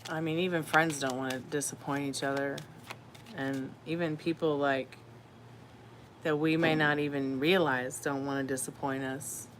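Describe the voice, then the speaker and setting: A woman's voice: sits low, fairly even intonation, moderate pace. A woman doing a live tarot reading, chatting casually and calling her viewers dear. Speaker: tarot reader. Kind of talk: casual live-stream chat. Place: at home. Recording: noisy home live stream.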